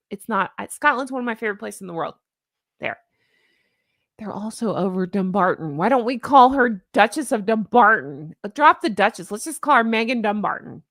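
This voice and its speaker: A woman with a somewhat high voice hosts a casual livestream. She talks in a chatty, opinionated way and reads viewer comments aloud as she goes. Her voice sounds dry and close, with no room echo. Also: a bit bright. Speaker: livestream host. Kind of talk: casual commentary to a live chat.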